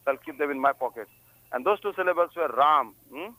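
With a slightly high, sharp voice, lively intonation and a fairly quick pace, this religious speaker shares stories in a spiritual talk during a pilgrimage. He often prompts his listeners with a questioning "hmm?", captured on a rough, echo-free recording.

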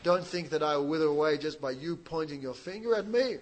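A cheeky young prince answers an angry elder with sarcastic, teasing jabs, as a man acts him out while preaching. His voice sits a touch high and sounds light and mocking. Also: expressive, a little fast, natural voice.

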